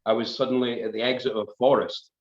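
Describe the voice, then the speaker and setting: A man's voice: mid-range voice, fairly even intonation, fast. A man spins a rambling, self-mocking yarn over a live stream. He often stops to laugh at himself. The audio sounds roomy and a little dull, like a stream captured in an echoing indoor space. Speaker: folk band member on live stream. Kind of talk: casual storytelling.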